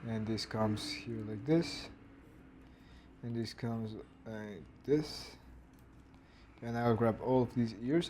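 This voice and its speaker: A man's voice: medium pitch, slow pace, long pauses, darkish tone, a little hiss or hum. A man, thinking aloud as he animates and mimicking a dog's barks. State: hoarse throat. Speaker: animator streaming his work. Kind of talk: casual narrated work session.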